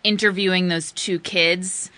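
A woman's voice: fairly low pitch, steady tone, a little slow, bright, forceful tone, dry recording. A woman co-hosting a casual comedy podcast, adding wry asides. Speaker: podcast co-host.

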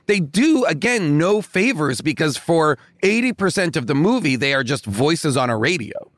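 A man co-hosting a casual film review chat, talky and animated. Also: a little high, moderate pace, no echo, studio quality. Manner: animated, talky, fond of "you know". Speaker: podcast co-host.

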